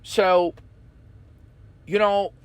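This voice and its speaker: Give me a blunt, emphatic man lecturing traders, high-pitched and dry. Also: steady tone, drawn-out words, clear, resonant tone, dry recording. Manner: intense, profanity-laced, emphatic. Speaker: trading channel host. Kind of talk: blunt profane market rant.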